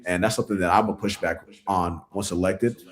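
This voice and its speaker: A man's voice: sits low, fairly even intonation, fairly quick. A man, a city council member running for office, talking earnestly in a casual interview and laughing at himself.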